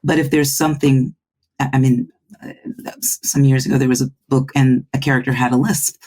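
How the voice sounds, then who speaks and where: A woman audiobook narrator in a casual roundtable chat, speaking in halting bursts with many restarts. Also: a bass voice, steady tone, mellow. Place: home recording booth.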